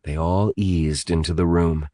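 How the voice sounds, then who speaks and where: A man reading a thriller audiobook in an expressive, dramatic way. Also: low-pitched, measured pace, no room sound, clean studio sound. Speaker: audiobook narrator. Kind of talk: scripted audiobook narration.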